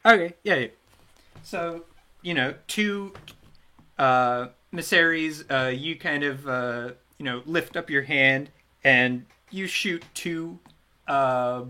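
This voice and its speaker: Slow, bright-voiced male game master. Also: mid-range voice. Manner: loose and chatty, trailing off and restarting. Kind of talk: running a tabletop game, casual narration.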